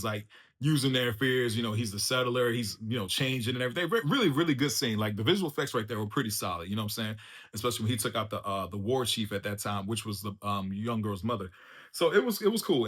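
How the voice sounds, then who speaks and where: A man in his own channel's review video, talking off the cuff at an ordinary mid pitch. He keeps it loose and animated, slipping in laughs and casual slang like "bro" as he goes. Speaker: YouTube reviewer.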